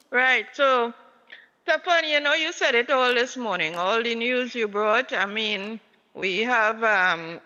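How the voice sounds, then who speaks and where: A woman's voice: fairly high pitch, pushed and bright. A Trinidadian woman calling a morning show, talking with food in her mouth and sounding fed up. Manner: eating breakfast while talking, exasperated. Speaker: caller. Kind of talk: phone-in complaint. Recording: dull phone line with reverb.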